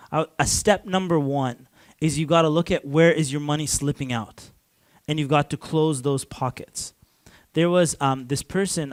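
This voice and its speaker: A man's voice: on the high side, no room sound. A man from Canada giving a casual lecture to a class, talking loosely with lots of "like" and restarts and chuckling often.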